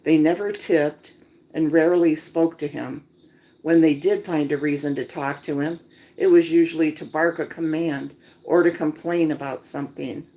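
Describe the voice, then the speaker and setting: Slow low-voiced woman reading outdoors. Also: slight background noise, poor audio. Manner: relaxed, chatting to listeners between passages. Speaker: storyteller. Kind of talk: reading a story aloud at night. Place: outdoors at night with crickets. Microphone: phone propped on a chair. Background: crickets and insects.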